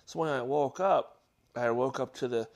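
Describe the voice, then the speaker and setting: Man telling a story in a gravelly voice. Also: medium pitch. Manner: halting, with many restarts and fillers; gets animated at the story's peak. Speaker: podcast host. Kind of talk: casual storytelling.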